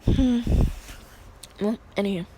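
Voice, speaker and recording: A woman's voice: medium pitch, slow pace, background noise. A woman casually retelling a fan story, rambling with crude slang and frequent laughs.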